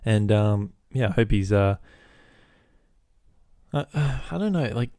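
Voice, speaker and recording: A man's voice: fairly low pitch, expressive, slow pace, dark tone, no echo, clean studio sound. A young Australian man hosting a solo podcast, rambling casually and swearing freely. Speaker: podcast host.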